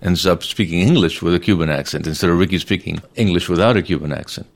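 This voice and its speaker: A male professor speaks in a thoughtful, appreciative way during an interview. His voice is very deep. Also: fast talker.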